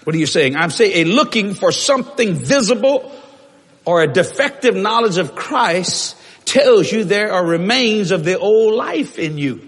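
A man preaching a storytelling sermon, animated, moving between quiet low narration and shouted exclamations. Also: measured pace, breathy edge. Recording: long reverb of a large hall.

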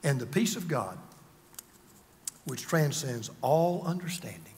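An older man preaching a sermon as a pastor, dramatic, swinging from loud to hushed. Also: medium pitch, sing-song, unhurried, pauses often, long reverb tail.

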